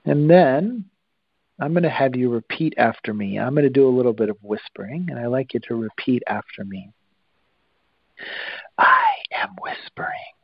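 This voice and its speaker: A man guiding listeners through a breathing exercise, calm and instructive, with long pauses. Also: medium pitch, creaky, slightly rough, no room sound, highs cut off. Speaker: breathing teacher.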